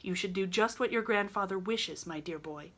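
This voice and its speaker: A woman reads aloud, voicing a prim, motherly teenage girl who lectures earnestly in a raised voice. Her mid-range voice moves at a moderate pace with a fairly bright tone, pitched above her own but still close to an everyday voice.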